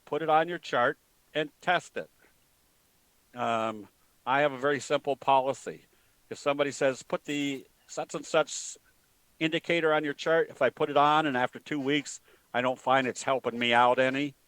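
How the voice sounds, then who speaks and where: A man teaching trading in a plain-spoken, folksy way, pausing often with fillers. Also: medium pitch, steady tone, fairly bright tone, no echo, low-quality recording. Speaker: trading educator. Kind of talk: webinar talk with a told joke.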